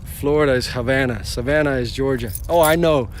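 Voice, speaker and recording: A man's voice: medium pitch, a little fast, slight background noise. A man driving for rideshare, telling a story on a casual live stream in a rambling way, restarting often and swearing casually.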